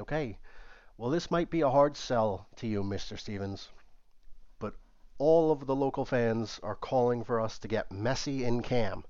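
A man narrating a comedy sketch and voicing several characters, shifting his pitch for each one. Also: a little mellow, no room sound. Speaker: comedic storyteller. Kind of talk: comic sketch narration with put-on voices. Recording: dull, muffled dry recording.

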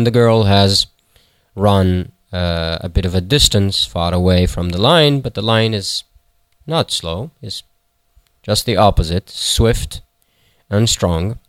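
A man retelling a folktale in a halting way, with fillers and self-corrections. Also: sits low, clean tone, dry recording. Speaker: storyteller.

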